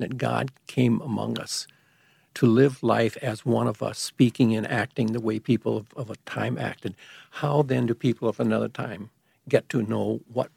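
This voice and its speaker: A man in a calm, measured conversation, explaining church matters at length with occasional restarts. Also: mid-range voice, gravelly, husky, dry recording, studio quality. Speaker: guest expert on liturgy.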